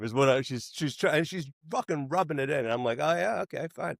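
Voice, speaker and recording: A man telling a long comic story in a casual interview, animated and acting out the people he quotes, with some swearing. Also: a little high, fast, vocal fry, no echo, clean studio sound. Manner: animated, acts out quoted voices, swears freely. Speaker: filmmaker telling stories.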